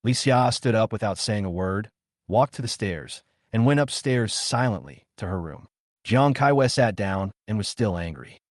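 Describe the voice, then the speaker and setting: A man narrating a dramatic story recap in an expressive way. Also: fairly low pitch, moderate pace, dry recording, clean studio sound.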